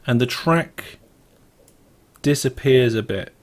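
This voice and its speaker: A man's voice: medium pitch, takes it slowly. Chatty British man thinking aloud. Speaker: let's play host. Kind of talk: casual gameplay commentary.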